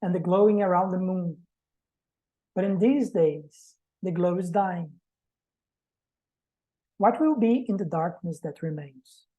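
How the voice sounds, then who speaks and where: A woman's voice: fairly low pitch, takes it slowly, pauses often, dark tone, highs cut off. A woman giving an academic presentation to a reading group, speaking reflectively and posing rhetorical questions.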